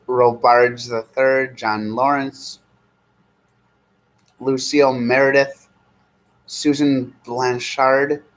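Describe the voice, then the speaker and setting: Guy in his 30s rambling on his stream, easygoing, mid pitch. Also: fairly bright tone, low-quality recording. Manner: rambling, easygoing, slow when reading names aloud. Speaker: streamer host. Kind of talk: casual live-stream chat.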